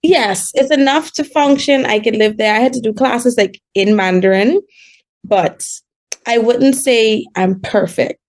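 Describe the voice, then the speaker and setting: A woman in her twenties from the Bahamas with a Bahamian accent, chatting casually as a call-in guest and telling quick stories with laughs. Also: fairly high pitch, darkish tone. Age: 20s. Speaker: guest calling in. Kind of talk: casual chat.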